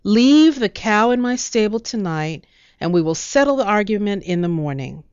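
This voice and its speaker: Woman doing a brisk village judge, storybook voice, smooth, dull lo-fi sound. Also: mid-range voice, big pitch swings, darkish tone, dry recording, natural voice.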